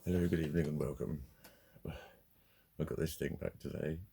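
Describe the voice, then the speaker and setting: A man's voice: a bass voice, fairly even intonation, normal speed, creaky, warm tone, a little hiss or hum. A man ranting casually in a sweary, heated way, telling a story with bursts of laughter. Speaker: vlogger.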